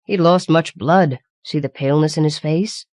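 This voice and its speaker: A woman reads as a solemn old man in a storybook fantasy, his voice dropped low and quiet. He sounds steady and grave, a careful elder speaking softly in a dry, close recording. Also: normal speed, dry recording, lightly acted.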